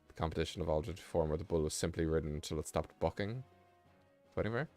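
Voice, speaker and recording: Low-voiced man rambling on a live stream. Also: fast, warm tone, soft background music. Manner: rambling, reads text aloud with offhand asides. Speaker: livestream host. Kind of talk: casual live-stream chat and reading aloud.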